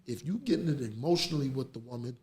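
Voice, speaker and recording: A middle-aged man, hosting a podcast in casual chat and telling stories with animated energy. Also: medium pitch, quick pace. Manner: animated storytelling, laughs through stories. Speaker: podcast host. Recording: echoey room with faint noise.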